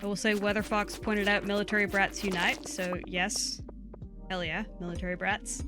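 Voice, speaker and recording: A woman with a Southern US drawl co-hosts a game stream. She talks in a loose, rambling way at an ordinary pitch and reads viewers' comments aloud between tangents. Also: level tone, normal speed, music in the background. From southern United States. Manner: chatty and rambling, reading chat aloud. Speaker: co-host of a game livestream. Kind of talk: casual livestream chat.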